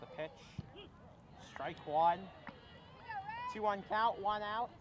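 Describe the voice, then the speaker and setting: A man doing live play-by-play for a high school softball game, calling each pitch in short bursts. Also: takes it slowly, dull audio. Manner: terse calls of each pitch. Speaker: play-by-play announcer. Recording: outdoor broadcast with clear background noise.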